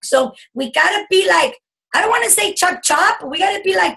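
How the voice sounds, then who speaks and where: A woman giving an animated sales coaching talk over a video call, acting out bubbly chatter as she teaches. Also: sits high, a little fast, vocal fry, rough recording. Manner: animated, acts out bubbly customer chatter in a squealing voice. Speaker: guest speaker coaching a sales team.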